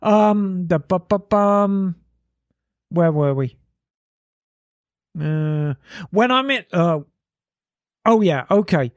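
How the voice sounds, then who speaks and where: Lively British woman reading letters. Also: fairly low pitch, very slow, long pauses, dry recording, studio quality. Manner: animated, playful storyteller. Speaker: podcast co-host. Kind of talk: casual chat and reading listener letters aloud.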